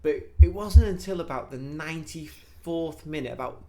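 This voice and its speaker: A young man from Wales, co-hosting a casual podcast chat and telling animated stories. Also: a little high, normal speed. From North Wales. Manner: animated storyteller, says "mate" and "man" often. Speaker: podcast co-host.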